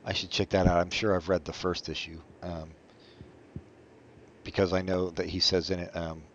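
Male podcast co-host, lower voice, deadpan rambling humor, muffled lo-fi recording. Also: moderate pace, long pauses, a little hiss or hum. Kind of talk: casual chat about comics. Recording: dull lo-fi recording.

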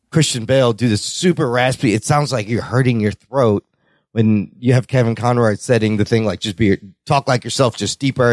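A man's voice: mid-range voice, no echo, studio quality. A man hosting a podcast in casual chat, talking eagerly with many restarts. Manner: talkative, enthusiastic, many restarts. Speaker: podcast host.

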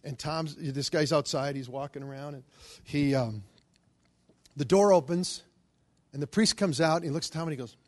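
Male preacher, middle-aged, fairly high voice, animated storyteller who acts out quoted voices. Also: normal speed, pauses often. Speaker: Catholic charismatic preacher. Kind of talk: storytelling sermon.

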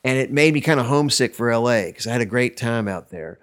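A man's voice: medium pitch, expressive, quick pace. An older man talking as an interview guest in a medium voice. He tells long, rambling stories that wander off on tangents, and he acts out the people he quotes. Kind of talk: anecdotal storytelling.

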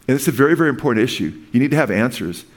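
A man's voice: mid-range voice, lively intonation, very fast. Man, pastor, sermon, earnest, rambling, restarts often, asides.

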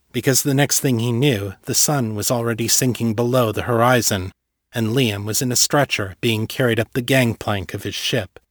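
A man reading a fantasy story aloud in a steady, measured narration. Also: mid-range voice, no echo, clean studio sound. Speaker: audiobook narrator.

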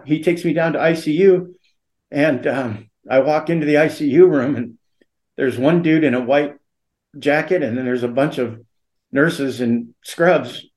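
A middle-aged man, an interview guest, recounting a personal story in an earnest, halting way and acting out the dialogue. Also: mid-range voice, a little mellow.

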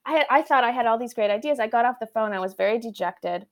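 Animated woman telling her story. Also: fairly high pitch, brisk, few pauses. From Canada. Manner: animated, tumbling retellings with frequent restarts. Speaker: author and guest. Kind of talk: conversational storytelling.

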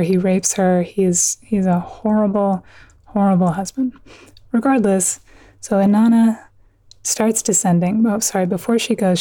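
A woman author telling an old myth in a conversation, earnest and vivid, with quick asides. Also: mid-range voice, warm tone, dry recording. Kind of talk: conversational storytelling.

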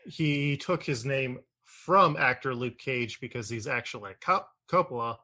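Husky guy guesting on a gaming podcast, dry deadpan jokes, middle pitch. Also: unhurried. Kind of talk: casual tabletop gaming podcast.

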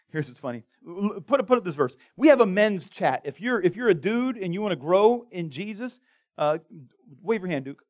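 A man with a fairly high voice preaches a sermon in a church. His delivery is casual and chatty, full of stammered restarts and asides to the congregation. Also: very animated, normal speed. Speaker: pastor. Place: church sanctuary.

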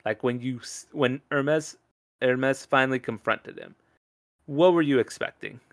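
A man hosts a relaxed podcast conversation with a mid-range voice. He rambles through his points with lively energy and laughs easily as he goes. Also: mid-range voice, a little slow. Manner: rambling, animated, laughs often. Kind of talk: casual chat.

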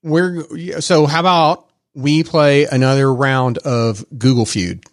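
A man hosting a podcast in casual chat, rambling with lots of fillers and quick laughs. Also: fairly high pitch, fairly even intonation, no room sound, clean studio sound. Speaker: podcast host.

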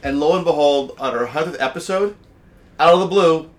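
A man's voice: a little high, fairly quick. A man co-hosting a casual podcast, playful and emphatic. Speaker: podcast co-host.

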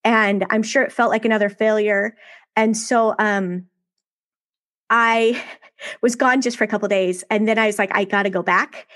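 A woman in her thirties, a podcast guest, telling her story in a candid, animated conversational way. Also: medium pitch, moderate pace.

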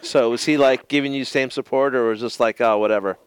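A man's voice: mid-range voice, steady tone, a little fast. A man co-hosting a casual chat show, brash and needling, swearing freely in teasing banter. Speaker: co-host.

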